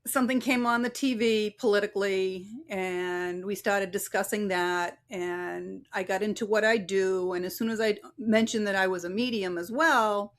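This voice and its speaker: Woman medium guest, casual storyteller, mid pitch, chatty anecdotes. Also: fairly even intonation, normal speed, few pauses. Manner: chatty, acts out quoted voices in anecdotes. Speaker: psychic medium and relationship coach, guest.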